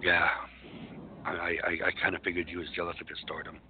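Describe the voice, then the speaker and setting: A man trash-talks in character as a wrestling personality, stammering over his words as he taunts. His voice sits a little low. It comes through a tinny, phone-like line with a faint hiss underneath. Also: flat delivery, quick pace.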